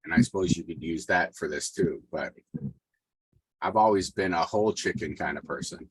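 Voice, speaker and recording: A man with a somewhat low voice chats on a video call. He talks about food with relaxed enthusiasm, and the sound is dry and close, with no room echo. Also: normal speed, husky. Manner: chatty, enthusiastic food talk, sometimes talking with his mouth full. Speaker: home cook on a group cooking call. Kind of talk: casual chat.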